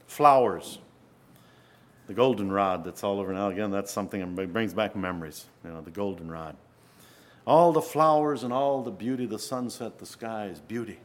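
A man preaching a sermon in an earnest way, often asking his listeners rhetorical questions. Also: on the low side.

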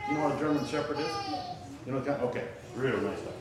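Praying first, then rambling through a folksy tale, this preacher frequently tosses simple questions to his church audience. His medium-pitched voice moves quickly. Captured at a distance in a spacious, echoey hall, the audio carries ambient noise.

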